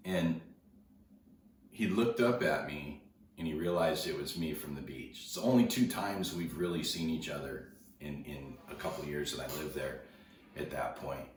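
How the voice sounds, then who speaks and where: A man's voice: a bass voice, normal speed, slight background noise. A man telling a personal story in a rambling, conversational way, acting out the dialogue as he goes. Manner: rambling, conversational, with repeated restarts and quoted dialogue. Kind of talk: casual storytelling. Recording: echoey room heard from a distance.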